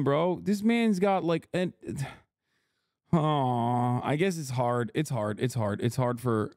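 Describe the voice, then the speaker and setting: A man's voice: medium pitch, a little mellow, smooth, no room sound, clean studio sound. A man streaming, reacting to a debate video with profane, incredulous, sarcastic commentary.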